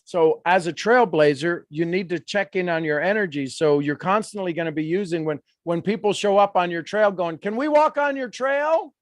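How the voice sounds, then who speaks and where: A man with a fairly high voice leads a live workshop session. He teaches in an animated way, slipping into quoted voices and laughing as he goes. The sound is close and dry. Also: normal speed, hardly any pauses, dry recording. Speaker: coach.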